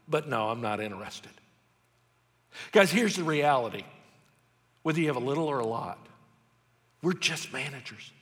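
A middle-aged male pastor preaching a sermon, telling stories in a conversational, animated way. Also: fairly high pitch. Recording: reverberant hall.

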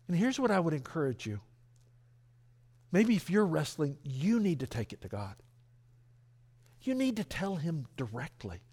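Lively pastor preaching earnestly. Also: male voice, high-pitched. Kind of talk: sermon.

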